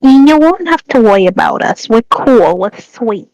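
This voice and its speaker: A woman's voice: a little high, lively intonation, measured pace, darkish tone, no echo, highs cut off, faint music behind. A woman playing a tabletop game, breezy and playful. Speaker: player. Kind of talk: casual tabletop play.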